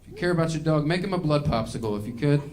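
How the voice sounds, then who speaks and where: A male stand-up comedian rants through his set, exasperated and self-mocking. His voice sits a bit higher than most men's. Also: lively intonation, very fast, a crowd in the background.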